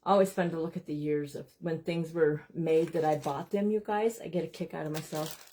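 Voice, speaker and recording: A woman's voice: low voice, steady tone, fairly quick, warm tone, slight background noise. A woman hosting a casual crafting livestream from home, chatting to viewers, teasing herself and apologizing often. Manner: chatty, keeps addressing viewers as "you guys"; self-deprecating and apologetic.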